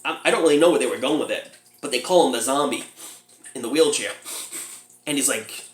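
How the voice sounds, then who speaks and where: A man laughs often while casually reviewing a low-budget horror film, retelling scenes and squeaking out the characters' lines. He talks a little fast, and the room is echoey.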